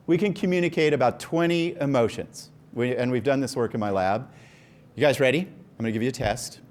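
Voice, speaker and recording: A middle-aged man giving an enthusiastic, joking science lecture and quizzing the audience. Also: medium pitch. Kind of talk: lively scientific talk. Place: lecture room.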